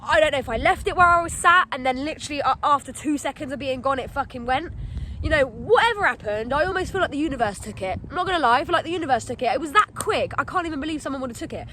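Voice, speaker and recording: A young woman telling a storytime vlog to her phone camera outdoors, animated and acting out her own panic. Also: sits high, racing, slight background noise. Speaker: vlogger. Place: outdoors in wet weather.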